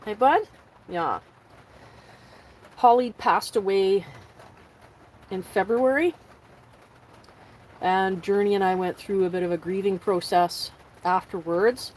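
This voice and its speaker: A woman's voice: fairly even intonation, a little slow, pauses often, darkish tone, low-quality recording. A woman chatting on a live stream from inside her camper van, talking to her viewers and her dogs. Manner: chatty, with pitch jumping high when talking to the dogs. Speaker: vanlife vlogger on a livestream. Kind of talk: casual live-stream chat.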